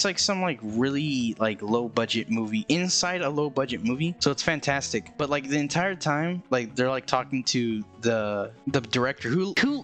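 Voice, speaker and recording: A man's voice: medium pitch, fairly bright tone. A man giving a casual, comedic movie recap, rambling and jokey with lots of filler words.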